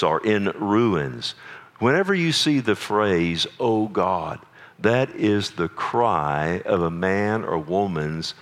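A man's voice: fairly low pitch, expressive, slow pace. A man preaching a sermon as pastor, earnest and emphatic, with frequent restarts and light asides to the congregation. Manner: jokes with the congregation. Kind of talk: sermon teaching.

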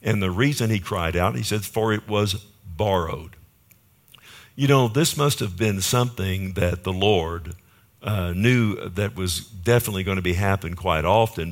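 A man's voice: low voice, a bit bright. A male pastor preaching a conversational sermon to his church, asking the congregation rhetorical questions.

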